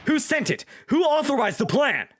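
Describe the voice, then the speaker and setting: A man's voice: very high-pitched, big pitch swings, normal speed, fairly bright tone, slight background noise, pitched above the performer's own voice, exaggerated voice. A man doing an eager young defense lawyer. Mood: pressing. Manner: keen, pressing, raised voice.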